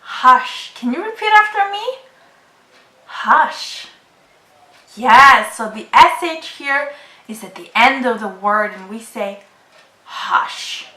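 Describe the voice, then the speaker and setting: A woman teaching a phonics lesson to children, speaking slowly with clear, encouraging enunciation. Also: on the high side, animated, sharp tone, reverberant, distant mic. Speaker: English teacher.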